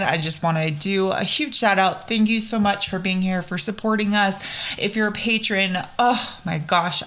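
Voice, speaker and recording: A woman's voice: fairly low pitch, fairly bright tone. Chatty woman hosting a kids' podcast. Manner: chatty, gushing, with quick asides. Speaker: podcast host. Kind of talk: casual chat to young listeners.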